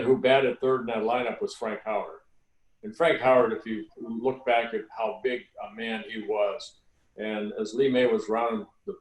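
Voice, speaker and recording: A man in his sixties, a former pitcher, telling relaxed anecdotes as a podcast guest, with frequent "uh" and "you know". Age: 60s. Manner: relaxed anecdotal storytelling with many fillers. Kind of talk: storytelling in a podcast interview. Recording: roomy echo.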